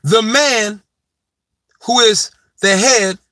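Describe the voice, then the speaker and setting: A sports commentator whose voice sits high draws out his words while lecturing his subject in a profane, emphatic opinion monologue. His tone is sharp, he repeats his main point with heavy stress to drive it home, and the recording is dry.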